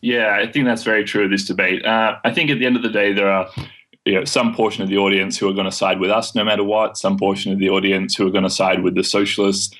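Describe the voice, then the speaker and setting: A man's voice: fairly low pitch, little pitch movement, fast, a bit bright. A man in his twenties with an Australian accent, answering interview questions confidently, with frequent ums. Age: 20s. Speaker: guest, student debater.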